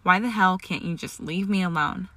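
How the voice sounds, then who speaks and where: A woman's voice: on the low side, moderate pace, bright, forceful tone, no echo. Woman doing a tearful young witch. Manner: pleading, shaky.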